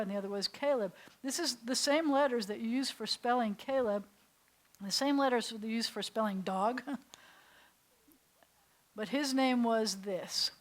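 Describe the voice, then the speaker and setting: A woman rabbi with an American accent teaching a beginners' Hebrew class, sounding out letters slowly and adding playful asides. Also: fairly high pitch, rough recording. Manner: patient, explains step by step, sounds out letters slowly. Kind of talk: classroom lesson. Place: synagogue classroom.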